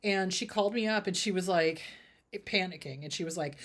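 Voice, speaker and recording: A middle-aged woman therapist answering viewer questions in a casual, animated way, acting out the dialogue she quotes. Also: fairly low pitch, fairly quick. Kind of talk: casual advice talk.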